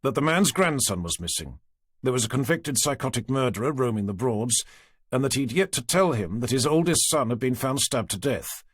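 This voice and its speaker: A man narrating a crime novel in a measured, even storytelling manner. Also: medium pitch, slightly rough, dry recording, studio quality. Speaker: audiobook narrator. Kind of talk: scripted narration.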